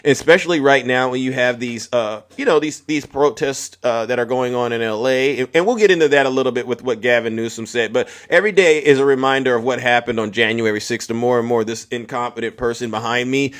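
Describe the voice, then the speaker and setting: A man hosting a political livestream launches into a heated rant, talking a little fast in a mid-range voice with hardly any pauses. He's combative and repetitive, addressing his viewers directly.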